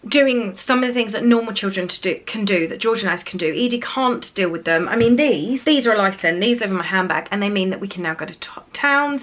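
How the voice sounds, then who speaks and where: A woman, talking quietly and emotionally to camera in a casual vlog. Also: medium pitch. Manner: soft-spoken, often dropping quiet and tearful. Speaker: parent vlogger.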